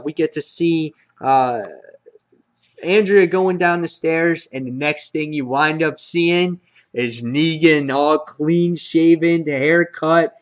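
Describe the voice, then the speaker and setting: A man's voice: on the high side, dull audio. Man hosting a rambling comic review. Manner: rambling with frequent fillers and restarts. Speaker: comic book reviewer and channel host. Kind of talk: casual video review.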